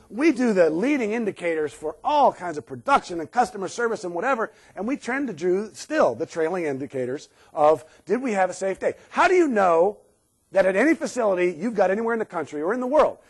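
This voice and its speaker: A man's voice: high voice, big pitch swings, a little fast, slightly rough. A man giving a humorous keynote on workplace safety to an audience, sarcastic and joking, acting out what people say.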